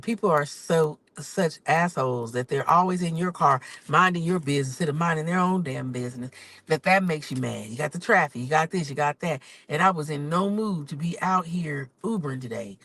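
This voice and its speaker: A woman podcaster and rideshare driver venting in a casual live vlog from her car, swinging from low mutters to loud exclamations. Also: rough recording. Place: in a car on city streets.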